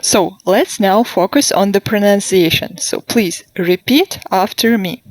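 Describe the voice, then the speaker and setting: A woman teaching a grammar lesson online, slowly modelling sentences for students to repeat and asking them questions. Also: medium pitch, no echo. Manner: slow, deliberate modelling of sentences for repetition. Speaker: English teacher. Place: online class.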